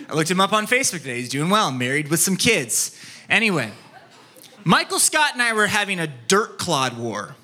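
A man preaching a sermon, telling a childhood story with lively acted-out scenes and dropping to a soft, quiet tone for his main points. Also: high voice. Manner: animated storytelling, acts out scenes, drops soft for key points. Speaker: pastor.

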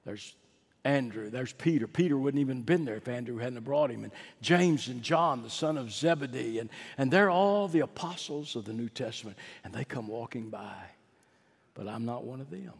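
A man preaching a sermon and leading an altar call, rising to ringing climaxes and dropping to hushed pleading. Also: mid-range voice, animated, normal speed, vocal fry, slightly rough. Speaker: pastor. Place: large church sanctuary. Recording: long hall reverb.

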